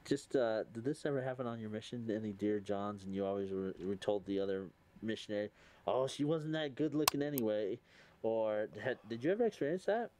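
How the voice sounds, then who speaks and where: A young man co-hosting a podcast, telling a story in a casual, animated way and laughing along with the other host. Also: fairly low pitch, brisk, hardly any pauses, a little hiss or hum. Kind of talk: casual chat.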